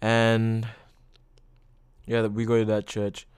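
A man's voice: on the low side, completely flat delivery, slow, a little mellow, clear, resonant tone, no echo, clean studio sound. A young man hosting a casual solo podcast, rambling loosely with lots of fillers and frequent swearing. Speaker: podcast host.

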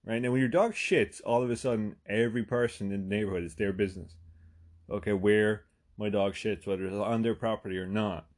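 A man's voice: fairly low pitch, steady tone, fairly quick. A man with an Irish accent, hosting a podcast and telling a profane comic story in a chatty way, full of "right?" asides and sudden bursts of emphasis. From Ireland. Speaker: podcast host.

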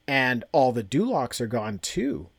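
A man in casual podcast chat, laughing often as he rambles through a story recap. His voice is mid-pitched and recorded dry and close, with no room sound. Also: very animated, a little slow, gravelly, husky, no room sound. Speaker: podcast co-host.

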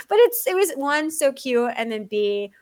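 On a podcast, a middle-aged woman with a high voice chats casually, telling stories with lots of animation, acting out the people in them and laughing often. The recording has no echo.

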